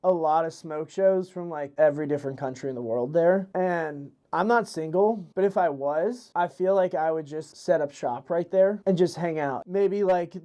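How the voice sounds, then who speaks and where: A man's voice: on the high side, mellow. A young man hosting a podcast, rambling through a crude comedic monologue with lots of fillers and restarts. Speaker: podcast host. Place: New York City.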